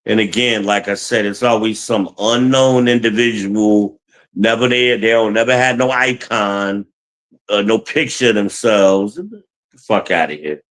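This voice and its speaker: Unhurried man, blunt and profane livestream advice rant. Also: on the low side, fairly bright tone, low-quality recording. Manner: blunt, heated, profane, talks to chat. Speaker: streamer giving relationship advice.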